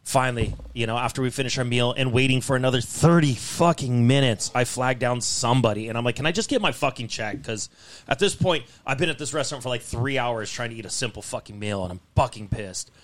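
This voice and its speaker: A young man rants on his podcast in an exasperated, casual way. He swears almost every sentence as he tells a long story. His voice sits at an ordinary middle pitch. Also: fairly quick. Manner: profane, exasperated ranting. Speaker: podcast host. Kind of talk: casual ranting podcast chat.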